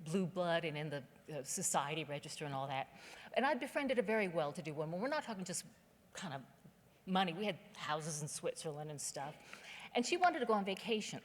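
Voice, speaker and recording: Folksy storyteller woman in a reverberant hall. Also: on the low side. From southern West Virginia. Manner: humorous, conversational, folksy. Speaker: keynote speaker. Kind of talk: storytelling speech. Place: theater stage.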